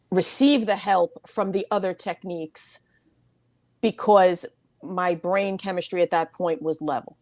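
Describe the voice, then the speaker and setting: A middle-aged woman therapist telling a personal story in a casual interview, talking fast and animatedly. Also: no room sound. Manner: animated, rapid talker who mimics others in a high voice. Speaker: therapist guest.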